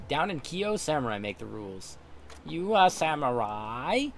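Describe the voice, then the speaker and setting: A man voicing a bullying old samurai thug with a gruff, sneering way of talking. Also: fairly high pitch, very animated, a little slow, slight background noise, full character voice.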